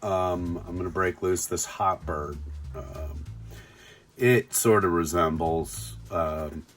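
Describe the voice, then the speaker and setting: A man's voice: deep voice, slow, fairly bright tone. A middle-aged man reviewing toys in a casual unboxing, fond and chatty, full of ums and restarts. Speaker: toy reviewer.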